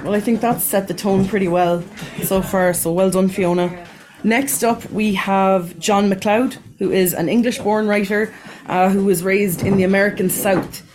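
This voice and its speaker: A woman's voice: medium pitch, fairly even intonation, moderate pace, a little mellow, poor audio. A woman hosting a poetry event, introducing the next reader casually with fillers. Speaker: event host. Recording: audible background noise.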